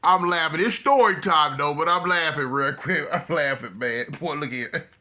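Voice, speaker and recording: Bright-voiced laughing storyteller man. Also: on the high side, normal speed. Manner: laughing often, drawling Southern slang. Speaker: storyteller vlogger. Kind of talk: casual storytelling.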